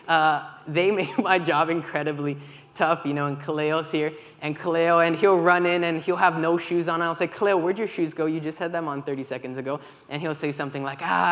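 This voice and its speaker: A man giving a church talk, telling lively stories with quoted dialogue. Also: on the high side, slight background noise. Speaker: volunteer leader with kids. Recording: long hall reverb, faint ambience.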